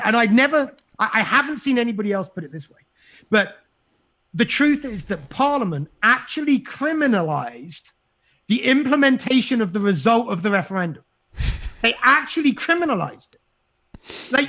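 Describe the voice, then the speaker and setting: A man talking as a podcast guest, emphatic and animated, often repeating words as he thinks. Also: extremely high pitch. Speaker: guest, libertarian messaging expert. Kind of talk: casual podcast conversation. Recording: dull lo-fi sound.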